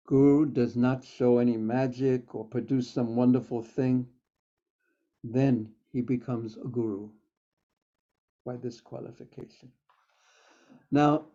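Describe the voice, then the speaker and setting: Man lecturing on scripture, dark muffled tone. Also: medium pitch. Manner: recounts stories and quotes verses, with fillers. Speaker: teacher. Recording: dull, lo-fi lecture recording.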